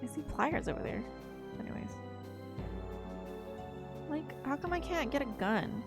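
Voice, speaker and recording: A woman's voice: high-pitched, expressive, unhurried, pauses often, over loud music. A young woman chatting casually while she plays a game, rambling and swearing when she gets stuck. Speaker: streamer. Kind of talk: casual live-stream commentary while playing.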